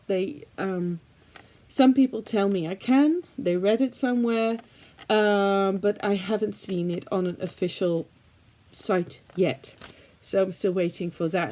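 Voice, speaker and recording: Slow, mellow-voiced Dutch woman chatting. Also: mid-range voice. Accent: Dutch, with a British-leaning English accent. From Netherlands. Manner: chatty and self-deprecating, with frequent fillers and laughs. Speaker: art vlogger. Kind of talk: casual chat to camera.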